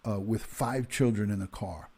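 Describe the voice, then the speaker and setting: A husky man in his fifties chats casually on a livestream. His voice sits low, and he greets viewers by name, his talk full of ums and uhs. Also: normal speed, dark tone. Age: 50s. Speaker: retired police detective hosting a livestream.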